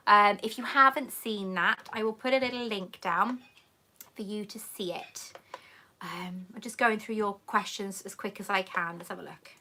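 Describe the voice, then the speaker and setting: A woman's voice: mid-range voice, moderate pace, hardly any pauses, pushed and bright, a little hiss or hum. A woman hosting a casual live chat, reading viewer comments aloud and calling people darling. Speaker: YouTube host answering live chat questions.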